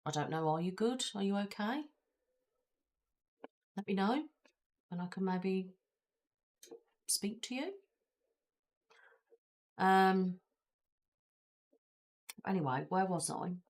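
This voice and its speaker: A woman's voice: mid-range voice, animated, slow pace, pauses often. A woman with a British accent, hosting a casual live-stream chat, rambling and reading viewer comments aloud from her chair at home. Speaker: ASMR channel host.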